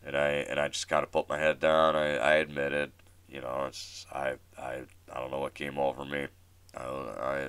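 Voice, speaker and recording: A young man hosts his own show and tells a story in a loose, rambling way, full of restarts and self-deprecating asides. His voice is low and smooth, recorded dry and close. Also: level tone, moderate pace, a bit bright, dry recording. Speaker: podcast host. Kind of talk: casual storytelling monologue.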